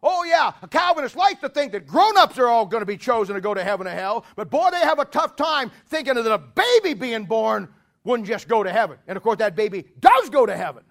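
High-voiced folksy preacher man. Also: very animated, brisk. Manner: folksy, emphatic, rising to shouts; jokes with the congregation. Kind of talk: sermon.

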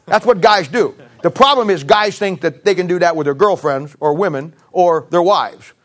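A man's voice: high-pitched, moderate pace, a bit bright. A middle-aged male pastor preaching a sermon in a folksy, emphatic, storytelling way.

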